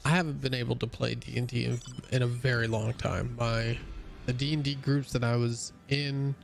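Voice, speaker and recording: A man's voice: medium pitch, little pitch movement, normal speed, gravelly, faint music behind. A young man streaming a game, chatting casually and rambling with lots of fillers and restarts, sounding a bit tired. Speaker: gaming streamer. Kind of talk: casual chat while playing a game.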